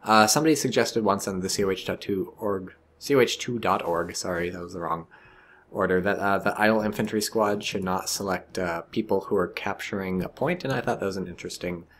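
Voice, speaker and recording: A man's voice: deep voice, brisk, fairly bright tone, slight background noise. A man casually commentating a strategy game match, rambling and joking, swearing freely as he goes. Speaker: game shoutcaster.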